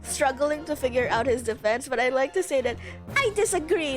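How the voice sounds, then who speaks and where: A woman streamer chatting casually and excitedly while playing a game, over music. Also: high voice, brisk. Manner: giggly, excitable. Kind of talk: casual let's-play chat.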